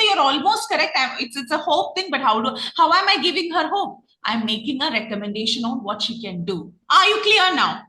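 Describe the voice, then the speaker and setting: Woman, Malayali English accent, reading trainer, quizzing students, bright tone, roomy echo. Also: high-pitched. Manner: questioning, repeats herself, many restarts. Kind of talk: online class teaching. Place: online class.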